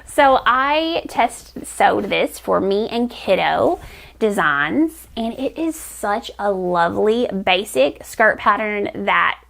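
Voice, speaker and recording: A woman's voice: mid-range voice, animated, slow pace, gravelly, a bit bright. A woman hosting a crafting vlog, chatting enthusiastically to camera with rambling restarts. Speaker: knitting vlog host. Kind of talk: casual chat to camera.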